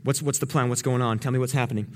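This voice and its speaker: A man voicing a tough, aggressive soldier who takes command, in a low, clipped way during a sermon story. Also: steady tone, quick pace, a little mellow, natural voice.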